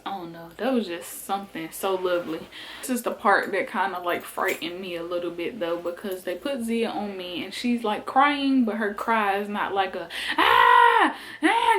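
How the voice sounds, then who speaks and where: A young woman speaks into her camera in a casual storytime. She is chatty and animated, peppering her talk with "like" and "y'all". She sounds relaxed and conversational. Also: mid-range voice, low-quality recording. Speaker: vlogger.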